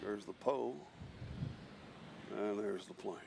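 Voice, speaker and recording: A man's voice: lowish voice, takes it slowly, creaky, noisy background. A man hosting a live planespotting stream outdoors near an airport, chatting casually and reading out viewer messages. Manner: chatty, reads out chat messages. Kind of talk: casual commentary while planespotting.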